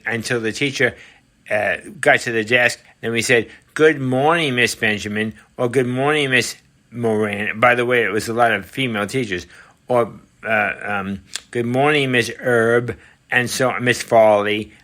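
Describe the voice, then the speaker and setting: A man's voice: mid-range voice, sharp tone. An older man hosting his own show, giving an emphatic political commentary monologue, repeating phrases and using many fillers. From United States. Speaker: show host.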